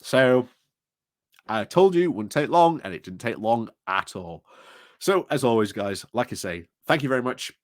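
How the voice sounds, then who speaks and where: A man's voice: medium pitch, expressive, moderate pace, no echo, clean studio sound. A man giving opinionated video commentary in a sarcastic, rambling way, chuckling at his own points. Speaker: political commentator.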